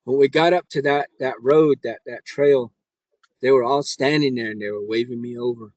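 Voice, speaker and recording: A man's voice: medium pitch, steady tone, normal speed, darkish tone, no echo, dull audio. Dry, close-miked man telling a story. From Navajo Nation. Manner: rambling, with restarts and acted-out quotes. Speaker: scoutmaster telling his story. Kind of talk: casual storytelling.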